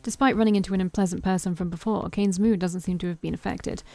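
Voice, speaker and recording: A woman's voice: fairly low pitch, fairly even intonation, fast, warm tone, no room sound, faint music behind. A woman reading a visual novel aloud as the main character, with wry asides.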